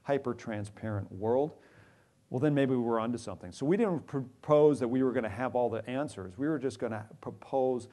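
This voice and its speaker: A man's voice: medium pitch, a little fast. A middle-aged man from Minnesota, a retired military officer telling wry, joking stories at a university talk. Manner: wry, joking anecdotes with animated quoted asides. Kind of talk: storytelling public talk. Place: university lounge event.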